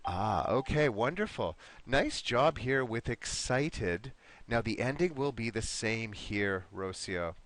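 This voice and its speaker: A man's voice: medium pitch, lively intonation, takes it slowly, fairly bright tone. A man teaching an online English lesson, patiently encouraging his students and modeling pronunciation word by word.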